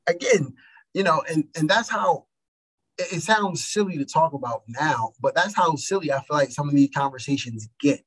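A young man with a slightly high, husky voice, chatting casually. He tells his stories bluntly, with profanity and animation. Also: normal speed, a bit bright, low-quality recording. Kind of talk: casual chat.

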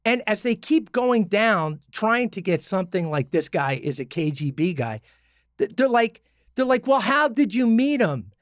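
A man's voice: high voice, animated, normal speed, dry recording, clean studio sound. A man co-hosting a casual political chat podcast, telling stories with frequent restarts and acting out the people he quotes. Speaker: podcast co-host.

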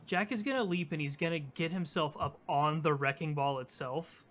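A man playing a tabletop role-playing game, talking in an animated, rambling way with many fillers. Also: fairly high pitch, normal speed, slight background noise. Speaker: player.

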